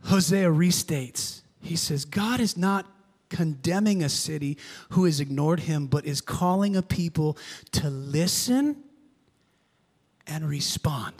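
High-voiced man preaching in a reverberant hall. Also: expressive, unhurried. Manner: emphatic, with repetitions and sudden shifts between loud and soft. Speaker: pastor. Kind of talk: sermon. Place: church.

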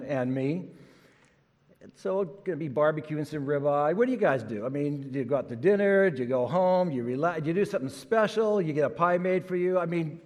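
A man's voice: a little high, a little mellow. Folksy older man preaching in a reverberant church. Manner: folksy, chatty storytelling with fillers. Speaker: pastor. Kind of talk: sermon with jokes. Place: church sanctuary.

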